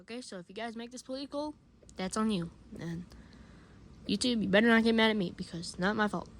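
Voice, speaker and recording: A performer voicing a bratty, loud male shark puppet, playing a game and bossing it around with comic commentary. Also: mid-range voice, fast talker, a little hiss or hum, close to an everyday voice. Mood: sly. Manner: shouty, bossy, jumps between mutters and yells. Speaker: game player and channel host. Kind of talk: comic let's-play commentary.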